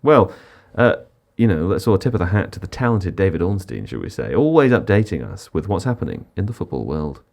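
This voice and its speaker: A man hosting a casual football podcast with a playful, mock-dramatic delivery. His voice sits low but swoops around a lot. He keeps the chat moving with teasing asides. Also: big pitch swings, fairly quick, few pauses, a little mellow. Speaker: podcast host.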